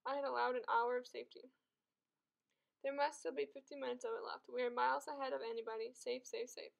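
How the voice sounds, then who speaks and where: A woman's voice: high-pitched, little pitch movement, quick pace, vocal fry, low-quality recording. A woman reading as a boastful, menacing Sicilian schemer. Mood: smug. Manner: boastful, threatening. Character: arrogant scheming Sicilian criminal man.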